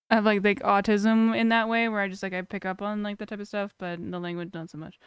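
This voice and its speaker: A woman's voice: mid-range voice, little pitch movement, fast, hardly any pauses, smooth, no room sound, studio quality. A young woman streamer chatting casually and joking as she reacts to a video.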